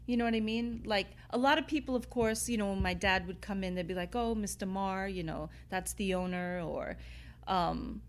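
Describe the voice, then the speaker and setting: A new speaker, a woman from New York City who owns a bar, is a casual interview guest inside an old bar. She tells rambling anecdotes full of "you know" and "like," laughing as she tells her stories. Her voice is medium-pitched at a moderate pace.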